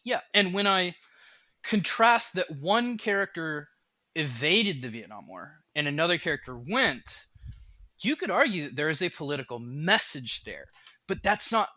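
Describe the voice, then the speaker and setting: Male podcast guest, game dev; slightly high, sharp voice, animated and rambly, dry lo-fi sound. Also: normal speed, no echo. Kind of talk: casual podcast chat.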